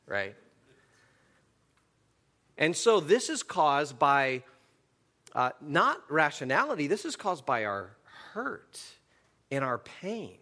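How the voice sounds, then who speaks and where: Brief: male pastor, middle-aged, bright and forceful tone, expressive sermon delivery that rises and drops. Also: high-pitched, takes it slowly, pauses often. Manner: animated storytelling, swings between loud and hushed.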